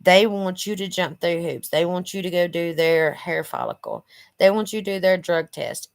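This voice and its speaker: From her living room, a channel host talks casually and directly to her viewers, earnest and rambling with lots of "you know" fillers, sounding a bit stuffy from allergies. Her fairly low voice holds a steady tone at normal speed, and the recording is dry.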